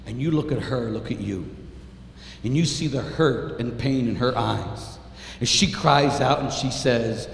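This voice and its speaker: A male priest preaching an impassioned sermon, moving from loud proclamation to hushed prayer, in a large hall. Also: medium pitch, unhurried, vocal fry. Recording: echoey hall reverb.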